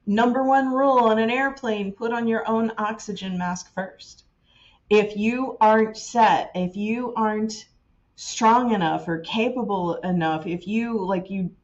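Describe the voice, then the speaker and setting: A woman hosting a podcast, speaking in a warm, affirming, reflective way. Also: medium pitch, muffled recording. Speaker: podcast host. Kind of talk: casual conversation.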